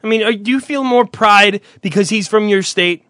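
A man's voice: high-pitched, normal speed, sharp tone, dry recording. Rambling, swearing young man telling stories. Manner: rambling storyteller, swears freely, acts out voices. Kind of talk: casual chat.

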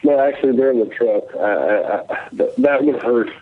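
A man's voice: medium pitch, normal speed. A Southern man from Texas calling into a radio show, telling stories in casual, profane chat. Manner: profane, storytelling with mocking quotes. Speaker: caller. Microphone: phone line. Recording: lo-fi phone-in audio.

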